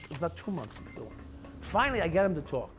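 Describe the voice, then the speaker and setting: A man's voice: on the high side, big pitch swings, fast. A middle-aged man, a former police officer telling his own story in a blunt, profane, confessional way. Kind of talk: candid storytelling. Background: music playing.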